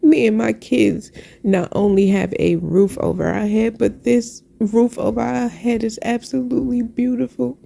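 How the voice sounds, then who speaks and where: A woman's voice: a little high, fairly even intonation, normal speed, gravelly, mellow, husky. A woman sharing a heartfelt personal faith testimony, earnest and repetitive, with preacherly phrasing.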